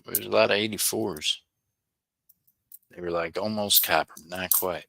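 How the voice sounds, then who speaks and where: Chatty man, bright and dry. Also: deep voice, a little slow, creaky, no echo. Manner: chatty, apologetic, excitable over finds. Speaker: livestream host searching coin rolls. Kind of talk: casual livestream chat with viewers.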